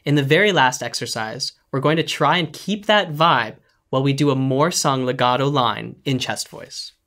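A vocal coach giving calm, clear, step-by-step instructions in a scripted singing lesson. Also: mid-range voice, moderate pace.

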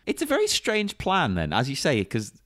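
An English man in a relaxed podcast conversation, his pitch swinging up and down as he jokes. He laughs easily between points. The sound is close and dry. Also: normal speed, no room sound. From England. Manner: animated, laughs often, jokey asides. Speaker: podcast co-host. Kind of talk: casual chat.

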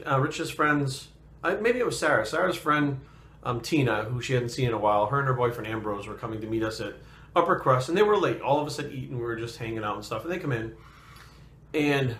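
With a mid-range, fairly bright voice, this New England man rambles through a personal story in casual speech loaded with profanity. He's a fitness vlogger who swears nonstop, and the sound carries a reverberant quality.

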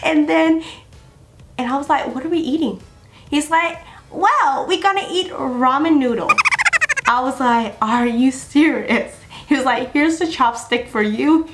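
A young woman beauty vlogger telling a personal story to her viewers in a chatty, animated way. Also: high-pitched, measured pace, slight background noise. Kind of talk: casual storytelling to camera.

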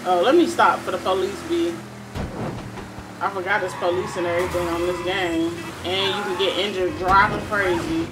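A woman's voice: lowish voice, fairly even intonation, moderate pace, background noise. A young woman with a Cleveland accent giving chatty, rambling gameplay commentary straight to her viewers. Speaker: gaming YouTuber. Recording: voice over loud game sounds.

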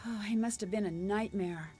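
A woman's voice: mid-range voice, normal speed, dark tone, faint music behind, lightly acted. An actress voicing a curious young female detective who asks polite, earnest questions in a mystery game.

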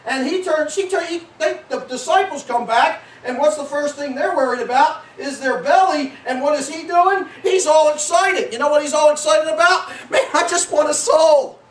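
A male pastor preaching with a high-pitched voice, folksy and animated, often rising to a shout. He sounds a bit far from the mic. The church room around him is echoey. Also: normal speed, hardly any pauses. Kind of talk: sermon. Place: church sanctuary.

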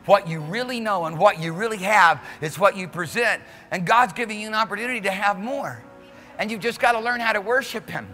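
Guy preaching hard in church, really high bright voice, soft music underneath. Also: normal speed, in a large hall. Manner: impassioned preaching with shouted peaks; repetitive, rhythmic exhortation. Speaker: pastor. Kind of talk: sermon. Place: church service.

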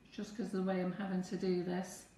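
A woman's voice: fairly low pitch, monotone, quick pace, mellow, recorded from a distance, a little hiss or hum. A woman teaching cake decorating on a live stream, chatting to viewers as she works through each step. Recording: echoey room, away from the mic.

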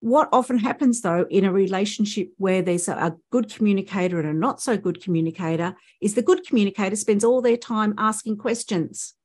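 This speech pathologist with an Australian accent talks at a medium pitch, a little fast, barely pausing, in a darkish tone. She is addressing a conference audience, explaining her points with rhetorical questions.

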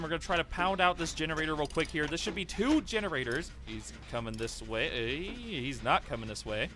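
Excitable young man commentating gameplay. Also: a little high, background noise. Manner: excitable, pleading and cheering during play. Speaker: gaming YouTuber.

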